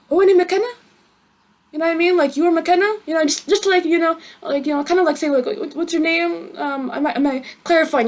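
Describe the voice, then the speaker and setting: A woman giving a casual online language lesson, chatty, with many fillers and friendly asides. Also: high-pitched. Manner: chatty, many fillers and "you know what I mean". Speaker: language teacher.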